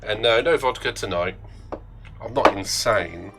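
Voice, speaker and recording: A man's voice: fairly low pitch, unhurried, vocal fry, loud music behind the voice. A man with an English accent chatting and joking with viewers while commentating his own racing game on a live stream. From England.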